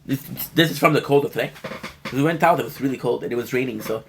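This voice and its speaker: A man's voice: mid-range voice, fast, a little hiss or hum. A male gaming streamer talks loosely to his live chat, joking around between bits of game commentary. He sounds worn out and a little under the weather, with a voice that sits in a middling range. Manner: laid-back, joking banter with chat. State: tired and feeling a bit sick.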